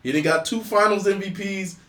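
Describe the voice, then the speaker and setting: A man with a high voice retelling a locker-room clash with insistence and plenty of profanity. His voice rings in an echoey room. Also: fairly quick, fairly bright tone. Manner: insistent storyteller, swears freely. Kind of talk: casual sports debate.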